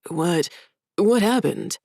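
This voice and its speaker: A woman voicing a panicked, furious male lord in a storybook reading, speaking in loud agitated outbursts. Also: fairly low pitch, animated, slow, dry recording, clean studio sound, heavily acted. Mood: confused.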